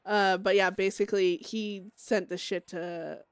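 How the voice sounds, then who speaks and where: A woman's voice: mid-range voice, steady tone, unhurried, smooth, dry recording. A young woman streamer casually recapping a roleplay scene, rambling with lots of fillers and swearing.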